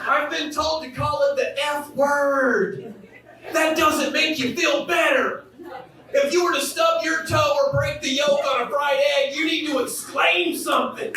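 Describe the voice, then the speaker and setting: A man in his thirties doing a stand-up comedy set, with a punchy, shouted delivery to a crowd. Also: very high-pitched, fairly even intonation, measured pace. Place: comedy club stage with a live audience. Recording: echoey club from far off, crowd noise.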